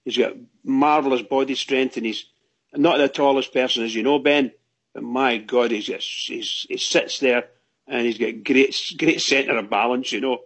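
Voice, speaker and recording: Co-host, husky and gravelly, rambling enthusiast. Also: male voice, mid-range voice, fairly even intonation, normal speed, a bit bright. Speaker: fan radio co-host. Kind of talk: casual chat.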